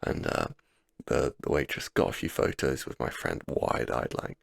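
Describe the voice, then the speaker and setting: A man rambling through a self-deprecating story in a soft, sleepy gameplay commentary, sometimes dropping to a near-whisper. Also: lowish voice, wildly swooping pitch, normal speed, vocal fry, no echo. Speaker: gaming channel host.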